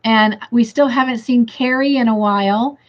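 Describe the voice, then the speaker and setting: A woman's voice: a little high, normal speed. Woman host chatting to her stream viewers. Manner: chatty, reads viewer comments aloud. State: in pain, tired. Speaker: crochet livestream host. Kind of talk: casual livestream chat. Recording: dull lo-fi stream audio.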